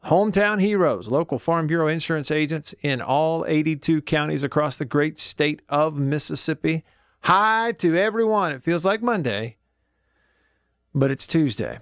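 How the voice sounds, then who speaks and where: A middle-aged man hosts a talk radio show from the studio, chatting in a loose, folksy way and narrating what he is doing as he goes. His voice sits a little high for a man. The sound is close and dry, with no room echo. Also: animated, moderate pace, a bit bright, clear, resonant tone. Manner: folksy and chatty, thinks aloud while clicking around. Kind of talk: casual talk radio chat. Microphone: studio microphone.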